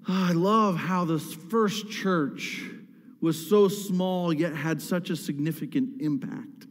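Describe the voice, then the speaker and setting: Male pastor, high voice, emphatic preaching, reverberant church hall. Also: unhurried. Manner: emphatic, repeats key words, asks the congregation questions. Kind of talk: sermon.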